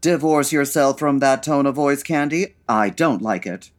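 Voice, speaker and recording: A woman's voice: a bass voice, animated, normal speed, pitched below the performer's own voice. A woman voicing a grumpy, theatrical male artist in 1940s radio style, with a clipped, sulky drawl.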